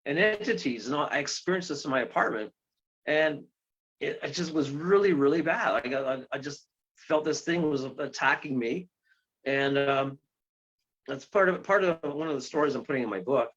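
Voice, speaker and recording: A man, a guest who leads ghost tours and investigations, telling a long story in an interview, rambling with many fillers, restarts and excited exclamations. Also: a little high, normal speed, slightly rough. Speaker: guest, ghost tour guide and paranormal investigator. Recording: dull lo-fi sound.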